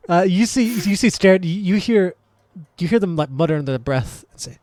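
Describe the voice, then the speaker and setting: Dry-sounding young game master. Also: male voice, high-pitched, expressive, moderate pace, darkish tone, no room sound. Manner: hesitant, filler-heavy narration. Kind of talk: narrating a tabletop game.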